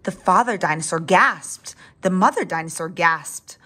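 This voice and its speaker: Woman reader, children's story read-aloud, expressive, talks to kids. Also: fairly low pitch, a little slow. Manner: expressive, with asides to young listeners.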